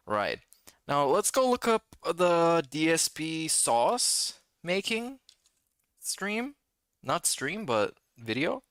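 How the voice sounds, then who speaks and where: A man's voice: fairly high pitch, sing-song, slow pace, fairly bright tone, clean tone, dry recording. A man hosting a podcast and giving casual commentary on video clips, blunt and cursing, often restarting and repeating words. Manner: blunt, swearing, repeats words mid-sentence. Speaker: podcast host.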